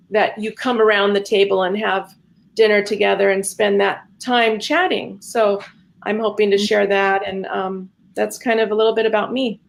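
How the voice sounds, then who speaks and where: A woman's voice: medium pitch, vocal fry, poor audio. A woman chef introducing herself on a video call in a friendly, chatty way with frequent ums. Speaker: personal chef and cooking teacher. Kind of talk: audition interview on a video call.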